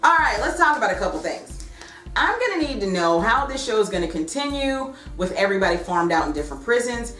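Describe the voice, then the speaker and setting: A woman's voice: medium pitch, brisk, soft background music. Chatty woman vlogger in an echoey room. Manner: chatty, animated retelling with "um" and "like". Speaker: TV recap vlogger. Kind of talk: casual TV recap.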